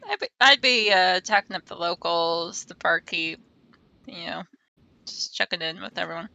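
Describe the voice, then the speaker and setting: A woman with a gravelly voice chats casually as a player in a tabletop game. Her tone is bright and forceful, and the audio is dull. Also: fairly low pitch, normal speed. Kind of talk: casual chat.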